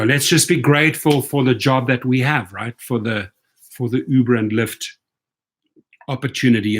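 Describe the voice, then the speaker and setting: A man's voice: medium pitch, a bit bright. South African man hosting a livestream. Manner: emphatic, punctuates points with "right?". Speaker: rideshare channel host. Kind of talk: livestream talk reading viewer chat.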